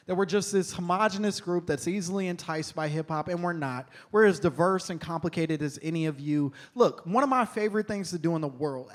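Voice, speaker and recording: A young man doing stand-up comedy in a wry, chatty way, chuckling at his own lines on a stage mic. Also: on the high side. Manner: wry, conversational, laughs at his own jokes. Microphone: handheld stage mic.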